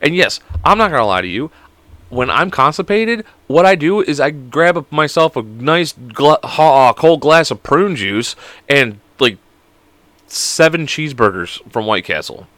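A man's voice: on the high side, animated, a little slow, fairly bright tone, no room sound. A young man hosting a casual solo podcast, joking around, rambling and swearing a lot. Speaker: podcast host.

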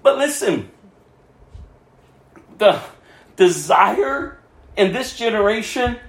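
A man preaching a sermon as pastor, impassioned, swinging between loud emphasis and hushed asides. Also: high-pitched, animated, slow, reverberant.

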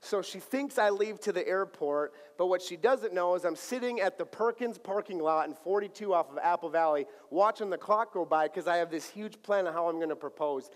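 A man with a high-pitched voice preaches from the pulpit, telling a story with playful energy and acting out each exchange. His voice rings through a big church sanctuary with a long trailing reverb. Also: fairly quick, hardly any pauses. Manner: animated, acts out dialogue playfully. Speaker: pastor. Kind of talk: sermon with personal storytelling.

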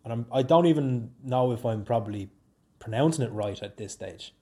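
A young Dublin man chats on his own podcast in a mellow, low-key tone. He rambles and jokes, jumping up high for emphasis, then dropping to quiet asides. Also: normal speed. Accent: Dublin Irish. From Ireland. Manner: rambling, jokey, lively swings in pitch and loudness. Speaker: podcast host. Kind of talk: casual solo podcast chat.

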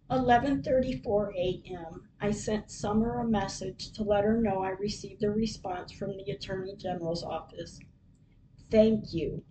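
A middle-aged woman reading her personal diary aloud as a podcast host, in an earnest, heartfelt, unhurried and prayerful way. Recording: distant mic with steady low rumble.

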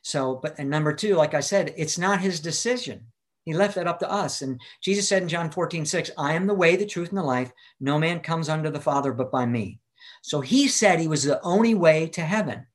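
A man's voice: fairly high pitch, expressive, brisk. An older man earnestly telling a personal testimony in an interview, urgent and acting out the people he quotes. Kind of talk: earnest storytelling in a live-streamed interview.

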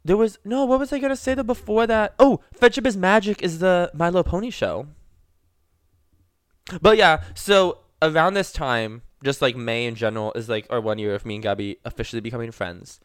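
Chatty young man, smooth clear voice. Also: fairly high pitch, fairly quick, no echo, clean studio sound. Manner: animated, rambling with many fillers. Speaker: podcast co-host. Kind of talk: casual chat.

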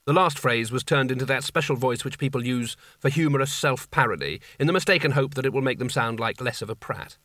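A man narrating an audiobook in a dry, measured storytelling manner. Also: mid-range voice, sharp tone, no echo. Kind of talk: scripted narration.

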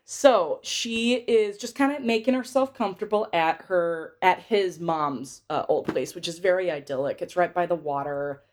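A young woman with a slightly low voice chats her way through a film recap for a podcast. She rambles, giggles and fills gaps with plenty of ums and likes. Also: normal speed, few pauses. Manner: chatty, giggly, rambling with fillers. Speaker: podcast host. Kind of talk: casual movie recap chat.

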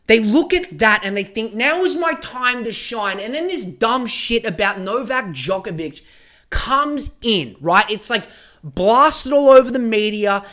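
A man's voice: sits high, lively intonation, unhurried, sharp tone. A man, hosting a solo podcast and ranting in a profane, heated way with lots of stammered restarts. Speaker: podcast host.

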